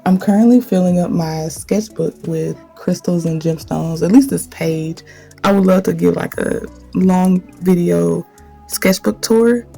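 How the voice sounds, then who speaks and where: Woman with a gravelly morning voice. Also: on the low side, unhurried. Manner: relaxed and chatty. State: deep morning voice. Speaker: art channel host. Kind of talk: laid-back chat while sketching. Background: faint background music.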